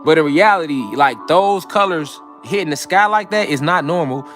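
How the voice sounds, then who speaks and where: A man's voice: fairly high pitch, moderate pace, fairly bright tone, soft background music. A man giving an informal lecture to camera, emphatic and repetitive, with slangy, profane street talk and frequent check-ins with his listeners. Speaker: esoteric lecturer.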